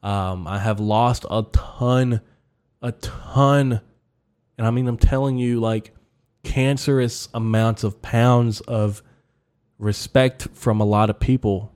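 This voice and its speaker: A man's voice: mid-range voice, steady tone, takes it slowly, darkish tone, smooth. A man hosting his own comedy podcast in a solo monologue, ranting and rambling, swearing freely with lots of fillers. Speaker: podcast host.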